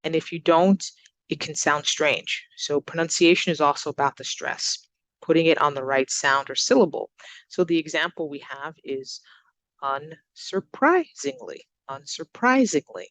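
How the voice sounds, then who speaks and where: A woman teaching English to learners, giving example sentences and repeating words slowly with exaggerated stress. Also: sits low, fairly even intonation, fairly bright tone. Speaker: ESL teacher. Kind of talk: recorded English lesson.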